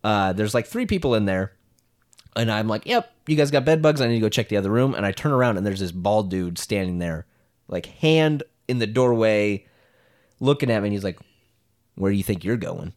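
A man's voice: fairly low pitch, animated, fairly quick. A young man co-hosting a podcast, telling rambling anecdotes full of fillers and laughing often in casual chat. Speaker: podcast co-host.

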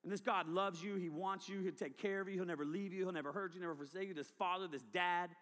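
High bright preacher in a hall. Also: male voice, quick pace. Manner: animated storytelling, acting out past self. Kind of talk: testimony sermon. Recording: long hall reverb.

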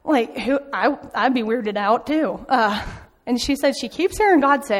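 Back from a mission trip, a woman with a slightly high voice gives an informal sermon in a church sanctuary at a normal speed. She tells stories chattily with frequent ums, and long hall reverb fills the recording.

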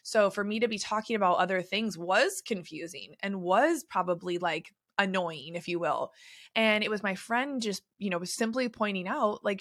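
Chatty and heavy on fillers, a young woman tells stories on her solo podcast, where she's the host and a beauty industry coach. Her mid-range voice is a bit bright and moves at a moderate pace. The sound is studio quality with no echo.

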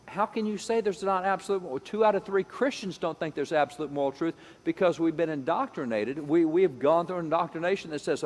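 A man delivering an emphatic lecture, building his points through repetition and briefly acting out the voices he quotes. His voice sits a touch high for a man. It rings out with a long reverb, as if in a large hall. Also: brisk, few pauses. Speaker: speaker on education history. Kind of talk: lecture-style talk.

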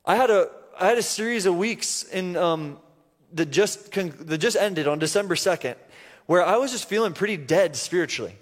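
A man preaching a sermon, telling a personal story earnestly with halting restarts. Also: high-pitched, expressive. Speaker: pastor. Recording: reverberant church hall.

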